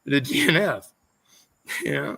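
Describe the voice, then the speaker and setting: High scratchy-voiced guy rambling off cussing race stories, bright sharp tone. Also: very animated, measured pace, gravelly. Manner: profane, rambling anecdotes. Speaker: podcast guest, former motorcycle racer. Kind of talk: casual storytelling interview.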